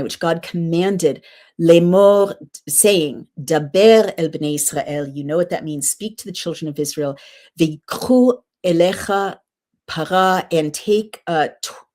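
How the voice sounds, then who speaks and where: A low-pitched woman hosts a podcast and reads scripture slowly, one phrase at a time. She translates each line as she goes and adds casual asides between verses. It sounds recorded on a computer mic while she shares her screen. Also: darkish tone. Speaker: podcast host. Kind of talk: casual Bible reading and commentary. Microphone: computer mic while screen sharing.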